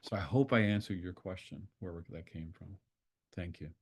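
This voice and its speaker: A man, a constellation facilitator, telling a story in a relaxed, conversational way and acting out the dialogue. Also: low-pitched, a little fast, vocal fry, breathy edge. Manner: conversational, acts out dialogue with swearing quotes. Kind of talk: storytelling in an online talk.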